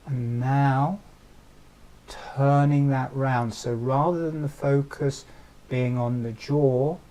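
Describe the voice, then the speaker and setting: Slow, mellow-voiced man guiding breathing. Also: mid-range voice, steady tone, rough recording. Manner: slow, soothing, instructive. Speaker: meditation teacher. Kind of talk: guided breathing instruction.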